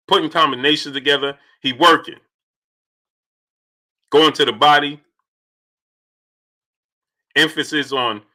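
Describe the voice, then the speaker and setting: Male live-stream host, bright forceful tone, repetitive, shouts out viewers by name. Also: mid-range voice. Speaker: host of a boxing talk stream.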